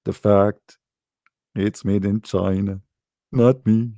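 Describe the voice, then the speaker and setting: A pompous, boastful god speaks, low and gravelly, stretching every word with sneering slowness, as a man puts him on. The voice sits dry and close. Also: steady tone, mellow, no echo. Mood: mocking, pompous. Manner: slow, drawn-out mocking delivery. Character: boastful mock god, male, pompous and petty.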